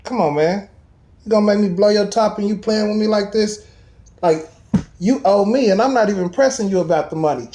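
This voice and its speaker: A man in casual chat, telling a personal story with animated emphasis and street slang. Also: high voice, brisk.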